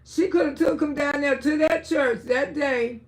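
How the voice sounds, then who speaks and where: A woman's voice: sits high, a little slow. An older woman hosting a live stream, giving blunt, scolding commentary and swearing freely. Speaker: livestream host.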